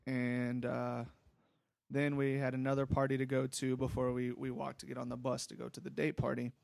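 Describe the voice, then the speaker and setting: A man's voice: mid-range voice, monotone, normal speed, gravelly, darkish tone, no echo, clean studio sound. A young man casually telling a long story, laid-back and rambling, with frequent swearing. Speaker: podcast host.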